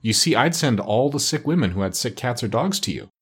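A man playing an uneducated, talkative cat's-meat seller with rough, colloquial speech. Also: mid-range voice, lively intonation, fairly quick, fairly bright tone. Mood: pushy.

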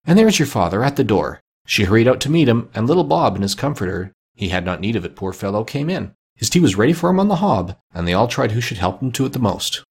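Male audiobook narrator with a measured, expressive read; low, husky and gravelly. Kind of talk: audiobook reading of classic fiction.

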